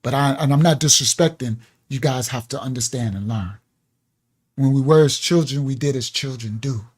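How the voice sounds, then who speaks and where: A man's voice: mid-range voice, moderate pace. A man teaching viewers on a religious livestream, emphatic and chatty, repeating himself and asking rhetorical questions. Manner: chatty, addresses viewers by name. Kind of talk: live-streamed religious teaching.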